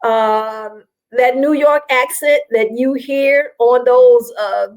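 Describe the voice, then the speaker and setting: Her voice a touch high and her delivery slow, a woman from South Carolina recounts her story on an interview show. She's lively and talkative, leaning on lots of fillers, and the audio sounds dull.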